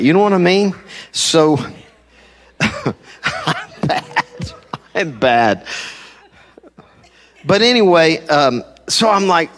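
A man pastor preaching a sermon, telling a personal story with animated delivery and acting out conversations. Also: a little high, takes it slowly, long pauses. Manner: animated, acts out conversations, laughs at himself. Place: church sanctuary.

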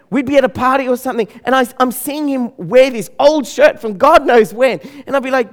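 High-voiced animated man. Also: brisk, hardly any pauses. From Australia. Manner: animated, acts out the voices of people in his story. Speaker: speaker. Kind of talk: humorous storytelling talk.

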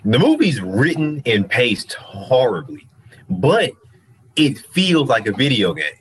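A man's voice: medium pitch, very animated, slow, a bit bright, a little hiss or hum, low-quality recording. A man in casual chat, giving a frank opinion on a film to his co-host. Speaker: podcast co-host.

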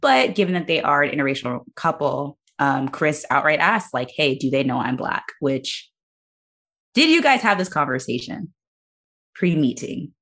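A woman hosting a casual movie podcast, recapping the plot in an animated way and laughing often. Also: deep voice, normal speed, husky. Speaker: podcast host.

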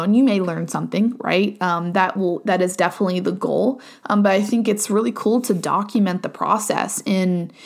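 A woman hosting a solo podcast, talking candidly and earnestly with frequent fillers and tag questions. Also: on the low side. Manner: candid and earnest, frequent "right?" and "um", some swearing. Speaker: podcast host. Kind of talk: casual solo podcast monologue.

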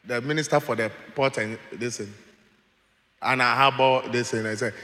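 A man preaching, telling stories in an animated way and laughing as he goes. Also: mid-range voice, normal speed. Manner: animated, laughs while telling stories, acts out quoted voices. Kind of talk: sermon with storytelling. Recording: long hall reverb.

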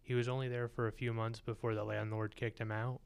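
A man's voice: mid-range voice, level tone, brisk, creaky, clear, resonant tone. A man co-hosting a film podcast, telling stories and joking in casual chat. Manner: storytelling, joking. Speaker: podcast co-host.

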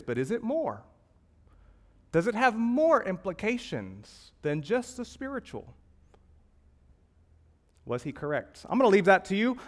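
A man with a fairly high voice delivers a sermon. He moves from ringing emphasis to near-hushed lines as he puts rhetorical questions to his listeners. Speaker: pastor.

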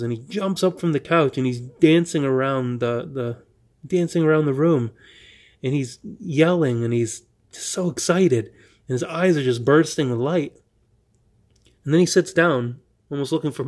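A man hosting a podcast, telling a story in a monologue and acting out both sides of a conversation with quick restarts. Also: mid-range voice. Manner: animated, reenacts dialogue with quick restarts. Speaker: podcast host.

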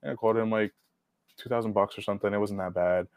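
A young man talks fast and loose, telling stories in a casual chat. He swears freely and jumps into loud acted-out quotes. The mic sound is dry and close. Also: on the low side, no echo. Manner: animated storyteller, swears, acts out quotes loudly. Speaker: podcast guest, car detailer.

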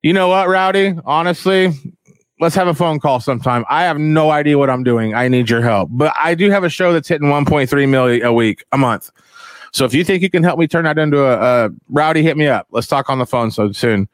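A man hosting a podcast, ranting casually and profanely, rambling and mocking others in shrill voices. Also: brisk, clean tone, dry recording. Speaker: podcast host. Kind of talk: casual rant. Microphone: headphones on, close mic.

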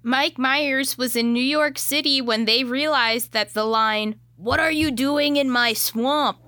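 A woman co-hosting a casual podcast chat, sharing fun facts and dropping dry, deadpan jokes. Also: sits high, measured pace, no echo. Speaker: podcast co-host.

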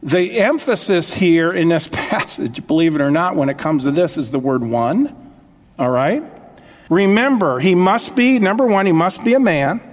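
Man, pastor, sermon, emphatic, repeats key phrases, high-pitched, reverberant hall. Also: animated, moderate pace. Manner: emphatic, repeats key phrases, asks listeners to follow along.

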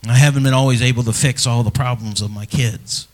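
A middle-aged man, a pastor, preaching a sermon in a church, earnest and personal, swinging from loud emphasis to hushed, near-whispered lines. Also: medium pitch, steady tone, brisk. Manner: earnest and personal, speaking to fathers.

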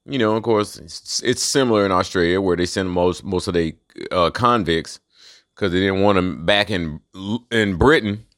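A man hosts his own solo rant show, heated and full of profanity as he lays out conspiracies. His voice sits on the low side. The sound is dry, with no room around it. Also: normal speed, fairly bright tone, no room sound. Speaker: host.

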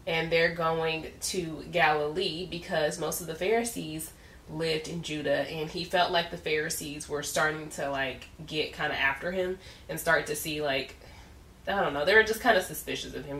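Casting: low-pitched woman, casual devotional host, laughs often, recorded away from the mic in a roomy space. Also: fairly bright tone. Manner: chatty, laughs often, colloquial asides. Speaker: podcast host. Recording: roomy echo, distant from the mic.

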